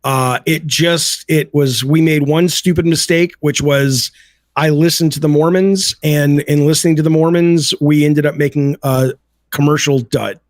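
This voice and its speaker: A man's voice: a little high, fairly even intonation, measured pace, no echo. A middle-aged man, a game developer guest on a podcast, talking in a blunt, emphatic, opinionated way. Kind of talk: casual podcast chat.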